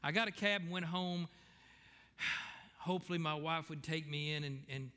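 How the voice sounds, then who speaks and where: A man's voice: a little high, normal speed, bright, forceful tone, clear, resonant tone, pitched above the performer's own voice. A man playing a timid, dejected little guy. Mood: woeful. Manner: tearful rambling lament of misfortunes. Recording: echoey hall reverb.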